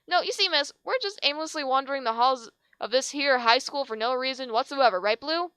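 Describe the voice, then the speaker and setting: A woman's voice: sits high, fairly quick, pushed and bright, smooth, no echo, clean studio sound. A woman voicing a cheerful, eager young man who grins through everything. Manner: eager, upbeat. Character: cheerful grinning young man, cartoon host type.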